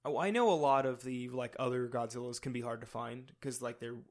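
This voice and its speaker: A man's voice: mid-range voice, a little fast. A man co-hosting a casual chat, hesitant and full of restarts and questions. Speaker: podcast co-host.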